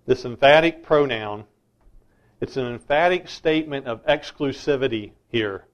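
A man's voice: mid-range voice, normal speed. A middle-aged man preaching a sermon as a pastor, emphatic and insistent.

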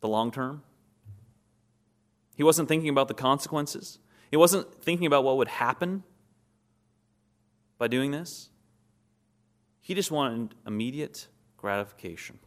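A man's voice: mid-range voice, animated, measured pace, long pauses. Man preaching, questioning his listeners. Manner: asks the audience questions and answers them; acts out short scenes in quoted voices. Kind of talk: sermon.

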